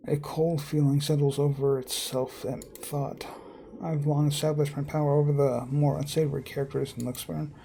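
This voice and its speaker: A man reading a visual novel aloud as narrator, steady with small slips and casual asides. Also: on the high side, creaky, slight background noise. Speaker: let's-play narrator.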